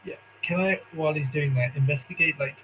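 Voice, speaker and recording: A man's voice: fairly high pitch, brisk, muffled recording, slight background noise. A man playing a tabletop role-playing game, talking casually and restarting his sentences as he thinks.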